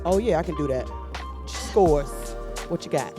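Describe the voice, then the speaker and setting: A woman's voice: low voice, animated, unhurried. A woman hosting a live poetry slam, chatting casually and urging the crowd to clap. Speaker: event host. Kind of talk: emcee banter at a poetry slam. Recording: music playing behind.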